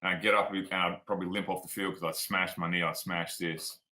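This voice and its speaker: A man's voice: low voice, flat delivery, fairly quick, pushed and bright, poor audio. A man with an Australian accent, telling stories frankly as a guest in a casual interview. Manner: frank and plainspoken, drops "like" and "man". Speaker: guest, performance coach.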